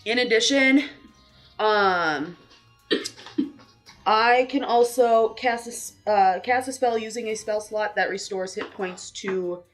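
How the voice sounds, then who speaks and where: A woman's voice: mid-range voice, slow, soft background music, rough recording. A woman player explaining her turn in a tabletop game, hesitant and full of ums and restarts.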